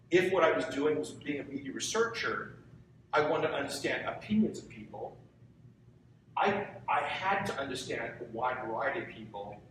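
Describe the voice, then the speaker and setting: A man's voice: medium pitch, noisy background. A middle-aged man giving an earnest, conversational talk to students and putting questions to his audience. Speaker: guest lecturer. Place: lecture room. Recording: very echoey hall, voice from far off.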